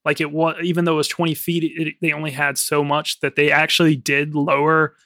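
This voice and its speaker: A man co-hosting a film podcast in casual chat, rambling with lots of fillers and quick laughs. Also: fairly high pitch, level tone, pushed and bright, no room sound, clean studio sound. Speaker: podcast co-host.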